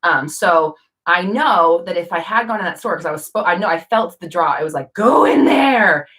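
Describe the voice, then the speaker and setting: A woman's voice: fairly low pitch, fairly quick, bright, forceful tone. A woman vlogger talking casually to camera, rambling with fillers and self-corrections.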